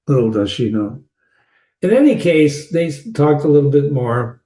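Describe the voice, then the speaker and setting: A man hosting a literature channel, casually analyzing a short story with digressive anecdotes, wry asides and quick laughs. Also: a little high, animated, dark tone. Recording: echoey room.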